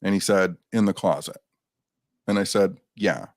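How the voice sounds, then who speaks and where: Gravelly low-voiced man telling stories. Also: normal speed, no echo, studio quality. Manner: animated anecdote teller, acts out quotes. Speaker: guest paranormal investigator. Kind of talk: casual storytelling chat.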